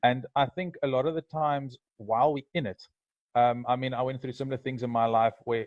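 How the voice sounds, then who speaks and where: Halting man co-hosting over a call. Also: mid-range voice, steady tone, dry recording. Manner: thoughtful, halting, many restarts. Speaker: co-host. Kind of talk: video call interview. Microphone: video call. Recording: dull muffled call audio.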